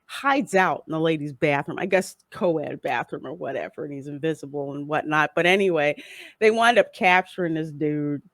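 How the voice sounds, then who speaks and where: Animated woman retelling a show. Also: low voice, no echo, studio quality. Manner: animated storyteller, acting out quotes. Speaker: co-host. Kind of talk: casual chat recapping a show.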